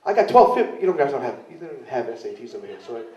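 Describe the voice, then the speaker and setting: Racing along and very animated, a wrestler with a mid-range, slightly mellow voice gives a casual interview at a London club. He rambles through self-mocking stories and often mimics people's voices when quoting them, captured in roomy, distant, dull sound.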